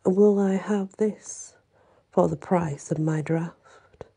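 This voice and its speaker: A woman's voice: on the low side, slow, creaky, warm tone, breathy edge, full character voice. A woman voicing a scheming old sea witch, menacing and partly whispered.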